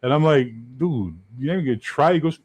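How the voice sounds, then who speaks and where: A Canadian man in his fifties, a game master chatting as a podcast guest, swearing freely and telling animated stories. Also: on the high side, a little fast, dry recording. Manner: profane, animated storyteller. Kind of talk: casual chat.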